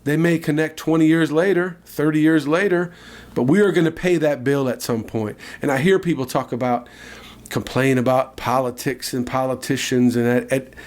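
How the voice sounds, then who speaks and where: A man co-hosting a casual podcast, telling a childhood story with animated asides. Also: medium pitch, moderate pace. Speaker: podcast co-host.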